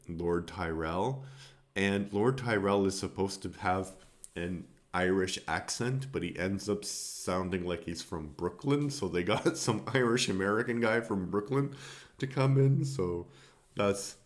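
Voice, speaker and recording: A man hosting a film review podcast, talking casually and rambling, with many fillers and restarts. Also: low-pitched.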